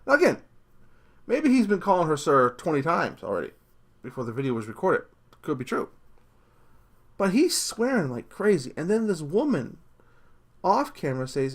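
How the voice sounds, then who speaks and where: A man's voice: a little high, very animated, normal speed, long pauses. A man delivering a blunt opinion rant as a vlogger, speaking crudely and rambling through restarts, often tacking "okay?" onto his points.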